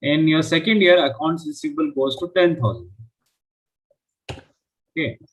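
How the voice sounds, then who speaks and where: A man's voice: a little high, unhurried, rough recording. Man teaching with "right?" checks. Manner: explains step by step with frequent "right?" checks. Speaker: finance instructor. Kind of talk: live online class teaching.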